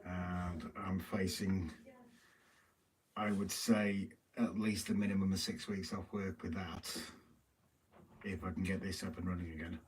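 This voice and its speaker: Speaking in a low voice with little pitch movement, a British man co-hosts a live stream at a measured pace. He chats casually, reads comments from viewers, and teases in his banter. His voice comes from a distance over faint noise.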